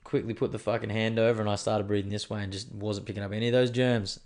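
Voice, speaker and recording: A man's voice: on the low side, level tone, quick pace, a little mellow. Rambling man hosting a podcast. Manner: rambling, chatty, swears freely. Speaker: podcast host. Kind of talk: casual chat.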